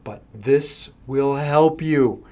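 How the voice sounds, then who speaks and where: A middle-aged man speaks as a coach in an earnest, conversational way. His voice sits at an ordinary pitch. He talks straight to his listeners in a motivational talk. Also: extremely slow, a little mellow. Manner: earnest, conversational, acts out his own side of an argument.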